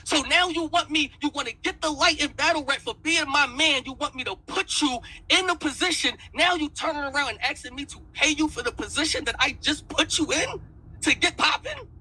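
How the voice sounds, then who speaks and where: A man's voice: extremely high pitch, lively intonation, a little fast, bright, forceful tone, rough recording. A man heatedly retelling an argument, repeating "I said" as he goes. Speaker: battle rap league owner. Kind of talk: heated storytelling in an interview.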